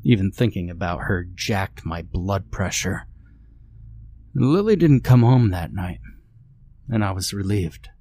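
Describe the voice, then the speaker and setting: A man's voice: low-pitched, expressive, unhurried, long pauses, dark tone, dry recording. A man narrating a horror story in the first person, in a dry, matter-of-fact manner. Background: faint music.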